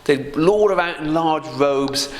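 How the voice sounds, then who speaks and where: A man's voice: a little high, unhurried. A man giving a casual Bible teaching in a conversational way, often laughing lightly and asking rhetorical questions.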